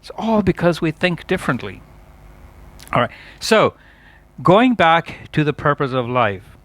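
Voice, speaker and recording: A man's voice: fairly high pitch, sing-song, a little slow, a bit bright, dry recording. A man giving a chatty, digressive lecture at a yoga festival, laughing often at his own asides.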